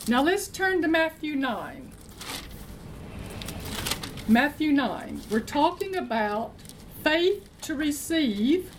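Woman preacher, high voice, slow deliberate delivery, keeps repeating points, faint hiss behind. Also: very animated, low-quality recording. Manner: emphatic, repeats phrases, asks and answers own questions. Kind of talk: sermon.

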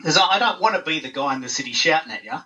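A man chatting as an interview guest and telling animated stories. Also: fairly high pitch, very fast. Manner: animated storyteller who acts out voices. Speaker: podcast guest. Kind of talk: casual interview chat. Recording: dull, distant recording.

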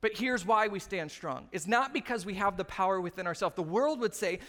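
A man in his thirties preaching a sermon as pastor, telling stories in an animated way and acting out the quotes. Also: sits high, brisk, hardly any pauses. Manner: animated storytelling, acts out quotes. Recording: long reverb of a large room.

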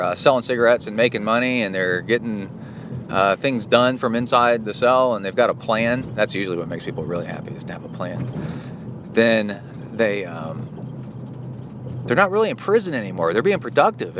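A man's voice: lowish voice, fairly bright tone. A man hosting a podcast, talking alone in a casual, rambling, reflective way, recorded in a car. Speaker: podcast host. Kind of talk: casual solo talk. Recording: road noise from a car.

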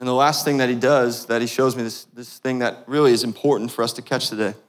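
A man preaching a sermon as a pastor, passionate and joking with his congregation, swinging from hushed tones to loud, fervent peaks. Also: mid-range voice, steady tone, fast. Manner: laughs and jokes with the congregation. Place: church sanctuary. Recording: long reverb of a church hall.

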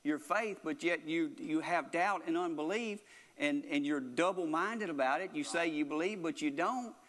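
A man's voice: on the high side, moderate pace, fairly bright tone, long reverb tail. A man preaching a sermon in an earnest, repetitive way, often restarting his phrases.

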